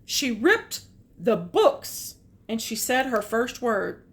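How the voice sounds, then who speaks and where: An older woman reading a picture book aloud, adding gentle, chatty comments about the pictures. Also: fairly high pitch, very animated, takes it slowly. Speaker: storyteller.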